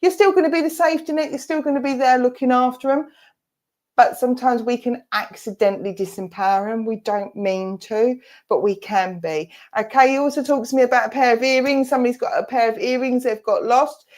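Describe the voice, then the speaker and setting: A woman's voice: on the high side, fairly quick, a little mellow. A woman with an Essex accent, presenting and giving a chatty, reassuring mediumship reading. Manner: chatty, reassuring, speaks for a spirit in asides.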